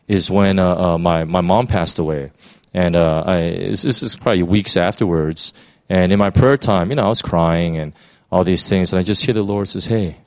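A man preaching a sermon in a conversational, storytelling way, with frequent restarts and fillers. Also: fairly low pitch.

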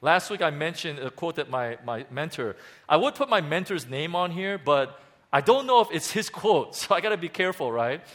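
A man preaching to his congregation, pitched a little high for a man. He speaks in an animated, halting way, stumbling over restarts and fillers as he builds his points. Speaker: pastor. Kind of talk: sermon.

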